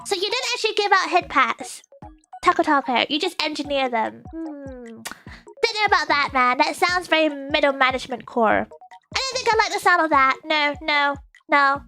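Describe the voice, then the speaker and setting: A woman's voice: high-pitched, lively intonation, normal speed, bright, forceful tone. A young woman hosting a casual live stream, teasing her chat playfully, laughing often and stumbling over her words. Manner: playful stammering restarts. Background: faint background music.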